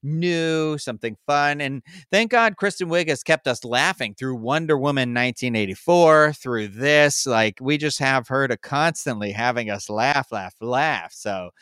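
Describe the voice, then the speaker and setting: A man's voice: mid-range voice, a little slow, hardly any pauses, fairly bright tone, clean tone, dry recording, studio quality. A man co-hosting a podcast, chatting casually about a film in a rambling style full of likes and restarts. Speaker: podcast co-host. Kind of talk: casual pop-culture chat.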